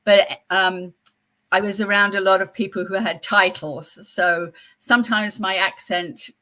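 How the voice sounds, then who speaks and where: Older woman, Southern English accent, bright tone, rambling casual talker. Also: medium pitch, fairly even intonation, unhurried, low-quality recording. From England. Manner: chatty, rambling, wry. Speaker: guest, host's mother. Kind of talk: casual chat.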